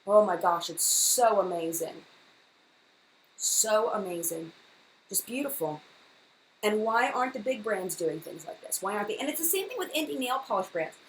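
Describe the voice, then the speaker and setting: A woman's voice: mid-range voice, lively intonation, normal speed, a little hiss or hum, poor audio. A woman hosting a casual live-stream makeup chat, gushing and enthusiastic, often repeating herself. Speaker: beauty vlogger, live chat host.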